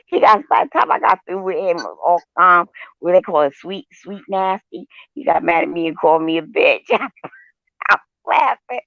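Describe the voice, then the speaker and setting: A woman's voice: on the low side, expressive, normal speed, gravelly, no room sound. A woman co-hosting a casual chat show, telling brash stories with laughter. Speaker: show co-host. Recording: dull lo-fi sound.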